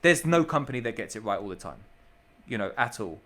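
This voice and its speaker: A man's voice: medium pitch, sing-song, fairly quick, a bit bright. A man, a business owner, talking as a podcast guest in an enthusiastic, emphatic way, repeating himself and calling the host bro. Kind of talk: casual podcast chat.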